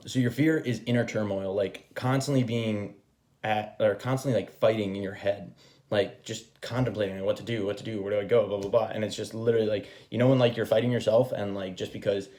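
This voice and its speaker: A man's voice: lowish voice, dark tone. A man giving a casual tarot reading, chatty and rambling, swearing freely and laughing at himself. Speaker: tarot reader.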